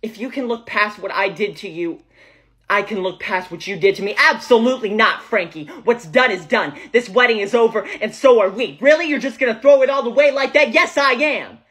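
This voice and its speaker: Husky woman in heated dramatic dialogue. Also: on the high side, brisk, a bit bright. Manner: confrontational, profane.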